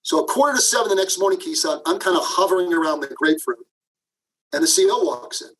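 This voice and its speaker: Fast-talking guy telling a work story on a podcast, keeps saying the host's name. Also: high-pitched, poor audio. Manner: lively storyteller, addresses the host by name. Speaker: guest, management professor.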